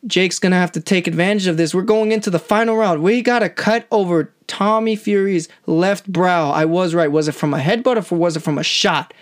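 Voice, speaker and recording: A woman giving amateur live reaction commentary on a boxing match, excitable and slangy, often talking straight to the fighters. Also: fairly low pitch, a little fast, hardly any pauses. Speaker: channel host, amateur commentator.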